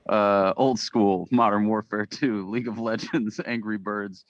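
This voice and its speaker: Low-voiced man reading jokes, lo-fi call. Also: measured pace, no room sound. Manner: laughs often while reading, deadpan delivery. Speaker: podcast panelist reading jokes. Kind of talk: casual chat, reading tweets aloud.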